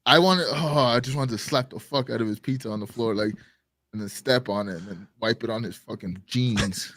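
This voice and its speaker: A man co-hosting a live stream show, telling a story in casual chat, animated and swearing, acting out quotes loudly. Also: mid-range voice, fairly quick. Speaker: podcast co-host.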